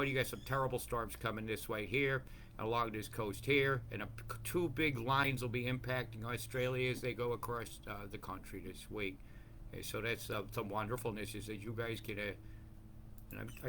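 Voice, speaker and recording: A man giving a rambling, profane commentary over weather maps, swinging between mumbled asides and loud rants. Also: mid-range voice, slight background noise. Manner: profane, ranting, jumps between mumbling and bursts.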